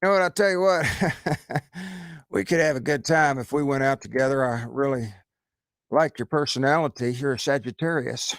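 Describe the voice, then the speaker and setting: A radio host doing a folksy impression of a politician, flirting. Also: male voice, mid-range voice, normal speed, long pauses, a bit bright, no echo, studio quality, voice pushed up, close to an everyday voice. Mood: flirty.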